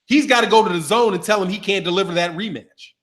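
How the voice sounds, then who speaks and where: High-pitched man, boxing commentator, animated trash-talking rant. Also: fast talker. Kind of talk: casual rant to camera.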